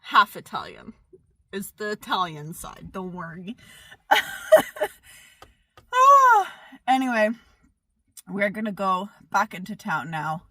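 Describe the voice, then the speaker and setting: Unhurried and sharp-toned, a young woman with a medium-pitched voice talks openly to a camera on a tripod about living in a camper van. Filmed in and around the parked van, her casual vlog chat is sprinkled with fillers and side remarks.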